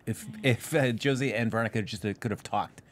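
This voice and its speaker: A man's voice: mid-range voice, fairly quick, a little hiss or hum. A male co-host chatting casually about a TV show, hesitating with many restarts. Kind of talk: casual TV recap chat. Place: studio.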